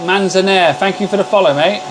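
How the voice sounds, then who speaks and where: A man's voice: high-pitched, fairly quick, background noise. A man hosting a casual live stream from his workshop, chatting with viewers and greeting them as mate. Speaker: livestream host. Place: home workshop with laser machines.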